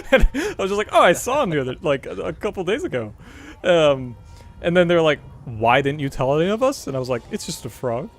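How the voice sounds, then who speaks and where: Animated man telling stories while gaming. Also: fairly high pitch, fairly quick. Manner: animated storytelling, laughs often, many fillers. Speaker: streamer playing a game. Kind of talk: casual chat over gameplay.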